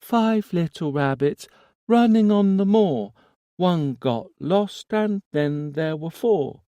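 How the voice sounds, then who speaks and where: A man's voice: high voice, expressive, takes it slowly, dark tone, clear, resonant tone, no room sound, pitched above the performer's own voice. A man voicing a small boy who recites a nursery rhyme in a childlike sing-song, one line straight into the next. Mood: eerie sing-song. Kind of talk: audiobook character voice.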